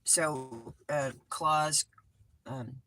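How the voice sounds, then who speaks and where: A woman's voice: deep voice, extremely slow, a bit bright, rough recording. A middle-aged woman from California chatting rambly and informally with her viewers from inside a small RV, calling them hun. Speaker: vlogger. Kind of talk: casual livestream chat.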